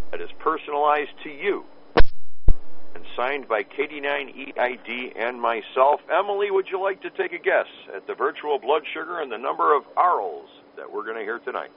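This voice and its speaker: A man running a ham radio net as its control operator, chatting in a jokey, folksy way with radio lingo. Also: mid-range voice. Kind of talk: casual radio net chat. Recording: dull lo-fi radio audio with faint noise.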